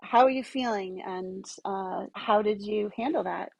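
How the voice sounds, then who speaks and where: A woman's voice: mid-range voice, a little slow, creaky, darkish tone, no room sound, poor audio. A woman hosting a podcast interview, summarizing her guest's story and asking supportive questions.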